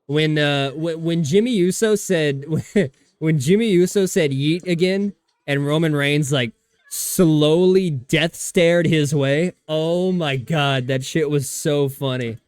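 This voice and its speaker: A man's voice: fairly high pitch, slow, darkish tone, smooth, no room sound. A man livestreaming a survival game, chatting casually in a rambling, profane way and laughing often. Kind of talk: casual gaming stream chat.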